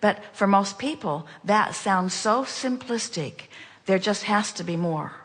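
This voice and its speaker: A woman's voice: mid-range voice, animated. Woman teaching in a reverberant hall. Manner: measured, emphatic, speaks as "we". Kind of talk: spoken teaching in conversation.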